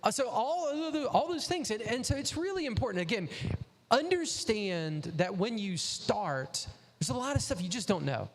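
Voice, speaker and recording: High-voiced male host giving advice. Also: very animated, moderate pace, long reverb tail. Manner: advice-giving, plays out quoted exchanges. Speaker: interviewer host. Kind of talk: casual chat.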